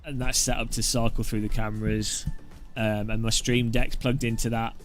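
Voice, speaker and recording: A man's voice: mid-range voice, little pitch movement, moderate pace, faint music behind. A man chatting casually on a live stream, answering viewers' questions in a rambling way with lots of fillers and asides. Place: home streaming setup with several webcams.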